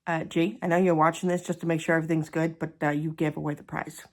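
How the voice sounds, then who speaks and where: A woman's voice: deep voice, little pitch movement, fast talker, darkish tone. A woman in her forties telling a personal story in a casual vlog, self-deprecating and swearing often. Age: 40s. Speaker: vlogger.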